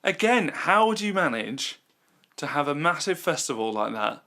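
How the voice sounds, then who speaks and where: A young man co-hosting a music podcast, telling stories in an animated, incredulous way. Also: on the high side, moderate pace. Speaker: podcast co-host. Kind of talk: casual chat.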